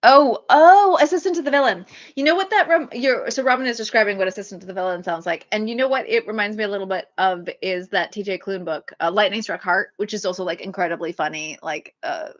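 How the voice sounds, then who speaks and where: A woman's voice: mid-range voice, quick pace, few pauses, dull audio. A woman author chatting casually on a livestream, rambling with lots of fillers and small laughs as she answers viewers.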